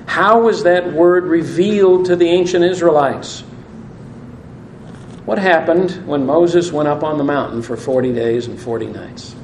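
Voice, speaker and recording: Male preacher, fairly high gravelly voice, sermon delivery with questions to the congregation, echoey room with faint hiss. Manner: asks the audience questions, reads scripture aloud. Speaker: pastor.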